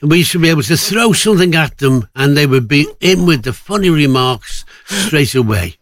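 A man presents a radio show, chatting breezily from item to item. His voice sits a little high. The sound is dry and close. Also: lively intonation, normal speed, dry recording.

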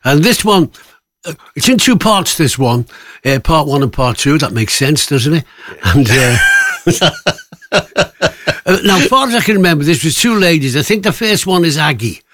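A man's voice: fairly high pitch, lively intonation, normal speed, fairly bright tone, dry recording, studio quality. A man presenting a radio show in a rambling, jokey way, full of fillers and restarts. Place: radio studio.

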